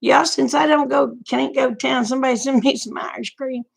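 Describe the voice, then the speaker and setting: A woman's voice: high-pitched, fairly even intonation, a little fast, vocal fry, slightly rough. A middle-aged woman, chatting frankly and folksily to her viewers, laughing often. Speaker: vlogger. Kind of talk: casual livestream chat.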